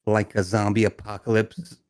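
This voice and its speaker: A man co-hosting a podcast, telling a family story in casual chat with lots of laughter and animated retellings. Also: normal speed, no room sound, studio quality. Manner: animated, mimics people in high voices, laughs often. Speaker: podcast co-host.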